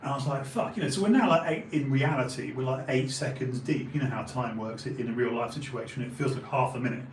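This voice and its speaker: A man in his forties with an Essex and London accent tells a long story as a podcast host, loose and animated, swearing freely and acting out the people in it. His voice sits in a middle register. The room around him is roomy and echoing, with a faint hiss of noise underneath. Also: medium pitch, fast talker, few pauses. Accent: Essex and London English. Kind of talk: casual anecdotal storytelling.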